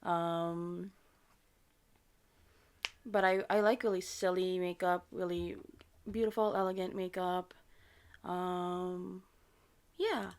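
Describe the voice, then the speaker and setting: An American ASMR creator with a lisp and a slight Filipino touch to her accent from her parents answers viewer questions casually, rambling and hesitant with many ums and self-corrections. Her lowish voice is clean and steady in tone, slow, and pauses often.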